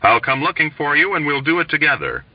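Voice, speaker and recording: A man's voice: a little high, sing-song, fast, no room sound, far from the mic, pitched above the performer's own voice. A man reading aloud, voicing a weary, sarcastic young male airman who hisses urgent warnings. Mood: exasperated. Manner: hissing, tense, dry sarcasm. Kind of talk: audiobook reading. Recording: dull lo-fi recording.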